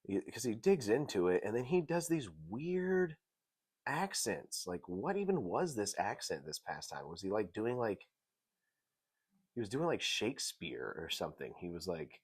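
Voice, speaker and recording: A man hosts a casual review show in a very low voice that still swoops widely in pitch. He is jokey and animated, jumping between loud outbursts and quiet mutters. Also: normal speed, breathy edge. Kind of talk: casual commentary.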